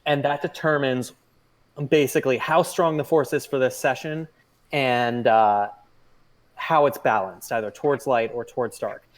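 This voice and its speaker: A man's voice: medium pitch, steady tone, moderate pace. A man as game master, patiently and methodically explaining rules over voice chat, with frequent fillers.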